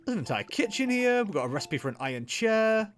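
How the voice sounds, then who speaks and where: A man streaming a video game, chatting casually as he plays. His voice is fairly high and very lively, swinging up and down. He is jokey and animated, with muttered asides. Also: fast. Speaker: gameplay streamer. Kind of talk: casual gameplay livestream commentary.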